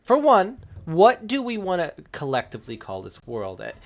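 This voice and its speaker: A man's voice: high voice, huge pitch swings, normal speed, gravelly. Joking man running a tabletop game. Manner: joking, swearing, rambling with fillers. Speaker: game master.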